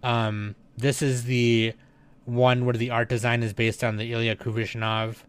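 A young man hosting a news podcast, reading headlines and adding relaxed offhand comments with lots of fillers. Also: mid-range voice, normal speed, clean tone. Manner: reads headlines, then adds relaxed offhand remarks with many fillers.

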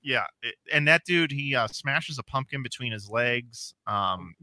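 A man's voice: mid-range voice, expressive, measured pace, bright, forceful tone, dry recording. A man in his forties chatting casually as a podcast co-host, telling rambling self-deprecating stories with many restarts. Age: 40s. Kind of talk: casual chat.

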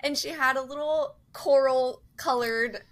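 Podcast co-host, a bubbly woman with a slightly high voice in casual chat. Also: fairly even intonation, a little slow, a bit bright. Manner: bubbly, laughs often.

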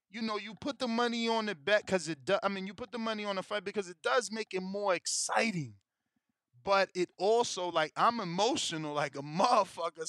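A man's voice: high-pitched, pushed and bright, dry recording, studio quality. A man hosting a boxing show, chatting casually and ranting emotionally with heavy slang and swearing. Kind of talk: casual chat about betting and fights.

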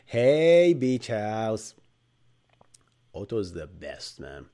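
Man, 30s, Arab accent, live-stream tech host, lively pitch, punchy then low asides. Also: drawn-out words. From Bahrain. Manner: animated, jumps between loud bursts and low asides. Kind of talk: live-streamed tech lecture with chat replies.

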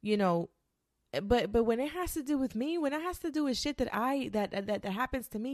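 A woman's voice: a little high, animated, fairly quick, no echo, clean studio sound. A woman talking straight to camera in a blunt, profane, emphatic rant about speaking her mind.

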